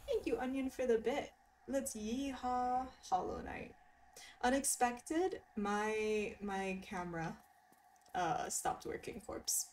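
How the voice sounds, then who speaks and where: A woman's voice: medium pitch, distant mic, slight background noise. A woman chatting casually and giggling with her viewers while she streams a video game. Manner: giggly, chatty, reacts to chat. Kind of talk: casual gaming stream chat. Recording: voice a bit off-mic over game music. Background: game music.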